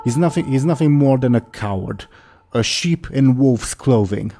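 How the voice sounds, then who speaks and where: A man's voice: medium pitch, lively intonation, normal speed, dark tone, soft background music, voice pushed up. A man doing a scornful drummer hurling taunts. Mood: taunting. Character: male drummer taunting a rival mid-fight.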